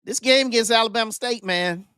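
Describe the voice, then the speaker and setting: A man's voice: extremely high pitch, a little fast, bright, forceful tone, clean tone, no room sound. Male sports livestream host: emphatic, chatty, repeats himself, close dry mic. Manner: emphatic and conversational, repeats points for stress; addresses viewers directly. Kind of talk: live-streamed sports commentary, reading the chat.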